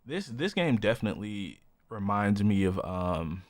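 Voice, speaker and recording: Rambling low-voiced man, podcast co-host. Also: big pitch swings, a little slow, dry recording. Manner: rambling, many fillers like "you know" and "like". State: has the hiccups. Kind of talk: casual chat.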